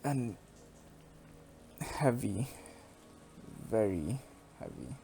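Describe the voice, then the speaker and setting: Low-voiced man in a game walkthrough. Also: very animated, very slow, gravelly, mellow, a little hiss or hum. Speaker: gaming channel host.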